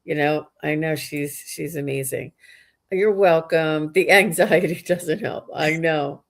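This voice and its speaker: Low-voiced woman hosting a live psychic stream. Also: slow pace, creaky. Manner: chatty, reads viewer comments aloud. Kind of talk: live-stream chat with viewers.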